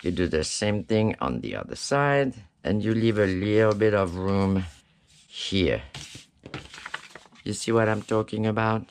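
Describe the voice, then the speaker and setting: A man's voice: fairly low pitch, animated, unhurried, a little hiss or hum. A man hosting a casual step-by-step craft tutorial. He talks while he works and keeps checking in with the viewer, asking "right?" and "okay?". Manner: chatty, reassuring teacher talking while working with his hands.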